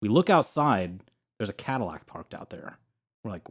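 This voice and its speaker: A man's voice: lowish voice, normal speed, slightly rough. A young man co-hosting a casual podcast chat, telling a story and acting out the quotes. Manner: animated storyteller, acts out quotes. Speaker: podcast co-host.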